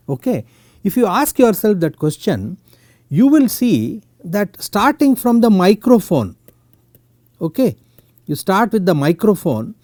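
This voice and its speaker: A man with an Indian English accent giving a technical university lecture, halting often with fillers and tag words. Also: fairly high pitch, mellow, no echo, studio quality. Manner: halting, full of "uh" and "okay" tags. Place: lecture recording.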